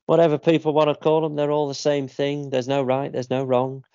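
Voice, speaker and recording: A man's voice: on the high side, completely flat delivery, a little fast, mellow, clear, resonant tone, no echo, lo-fi sound. A man, co-hosting a podcast and telling a story in a casual, rambling way with lots of fillers. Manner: chatty storyteller, many fillers and restarts. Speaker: podcast co-host. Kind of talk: casual chat.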